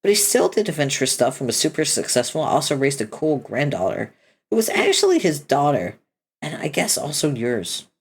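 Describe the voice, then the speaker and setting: Woman reading a comic aloud: deep, husky, lively delivery, switches voices between characters. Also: moderate pace. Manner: adds casual commentary between dialogue. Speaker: reader of a webcomic.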